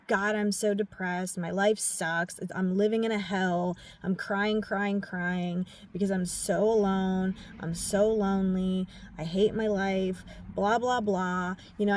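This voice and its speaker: A woman's voice: medium pitch, darkish tone. A young mother talking in an emotional personal vlog, unfiltered, swearing and filling her talk with "like". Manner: unfiltered, swearing, many filler likes.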